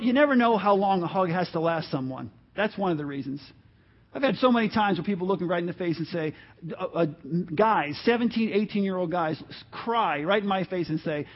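Man, pastor, encouraging sermon, high-pitched, muffled lo-fi sound. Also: expressive, a little fast. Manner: earnest, encouraging, conversational with asides. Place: church sanctuary.

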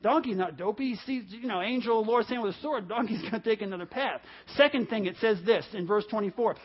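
A male pastor preaching a sermon, animated and storytelling, acting out the voices in the stories he tells. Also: sits high, fast talker, hardly any pauses, breathy edge. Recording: dull lo-fi audio.

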